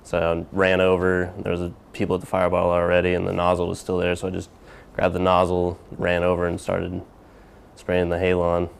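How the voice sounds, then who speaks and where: A man's voice: deep voice, monotone, fairly quick, gravelly, a little hiss or hum. A man, an airman, steadily recounting an incident in an interview. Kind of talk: interview recollection.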